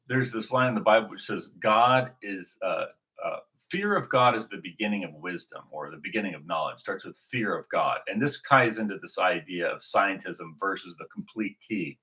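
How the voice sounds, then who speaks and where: A man talks through a loose religious monologue with a bright, forceful tone and a lowish voice. He rambles, restarts his sentences and fills pauses with ums and uhs. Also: lively intonation. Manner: rambling, many restarts and fillers. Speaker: video host.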